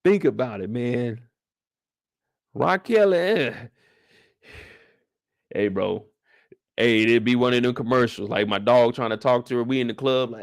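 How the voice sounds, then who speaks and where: Animated man hosting a show recap. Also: medium pitch, measured pace, vocal fry, long pauses, dry recording, clean studio sound. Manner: animated, slangy storytelling to viewers. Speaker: TV after-show host. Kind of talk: casual episode recap commentary.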